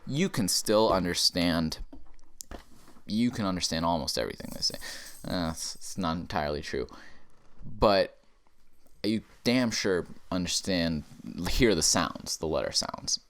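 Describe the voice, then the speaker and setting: Male comedian, lowish voice, casual profane rant, rambling delivery. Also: lively intonation, unhurried. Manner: rambling, profane, swings from mumbling asides to loud bursts. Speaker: podcast comedian.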